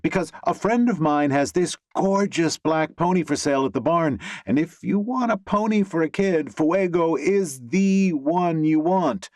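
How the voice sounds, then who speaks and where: A man voicing an excitable woman who loves horses, in a high gushing voice for an audiobook. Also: measured pace, hardly any pauses, no room sound, studio quality, natural voice.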